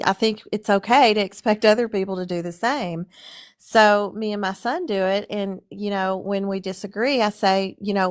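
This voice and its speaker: A middle-aged woman speaking as a guest in a casual conversation, reflective and searching for her words with many fillers. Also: medium pitch. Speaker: stream guest.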